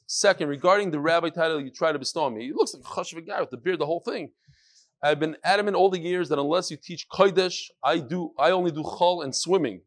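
A man hosting a casual chat show, reading listener emails aloud with joking asides. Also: a little high.

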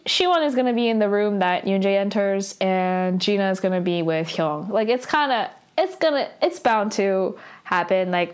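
A young adult woman giving a casual, chatty recap of a drama episode, laughing often and filling her talk with "like" and "you know". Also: mid-range voice.

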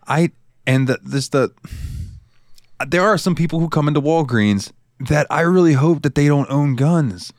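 A man from the United States co-hosting a podcast, talking in a casual, profane and animated way. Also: fairly high pitch, moderate pace, no echo, studio quality. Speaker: podcast co-host. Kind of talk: casual chat.

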